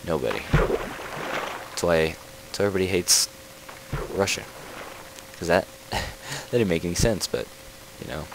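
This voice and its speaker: A man's voice: sits low, gravelly, noisy background. A man casually commenting on his own gameplay, rambling and easily distracted, with playful trash talk aimed at animals in the game. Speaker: let's play host.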